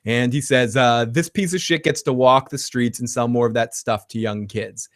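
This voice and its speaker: A man co-hosting a casual TV recap chat, animated, laughing often and acting out quotes. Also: medium pitch, moderate pace. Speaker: podcast co-host.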